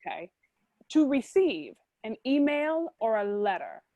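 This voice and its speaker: A woman hosts a casual video-call interview and runs through quick questions with a teasing, playful edge. Her voice sits a little high. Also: big pitch swings, dark tone, lo-fi sound. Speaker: host.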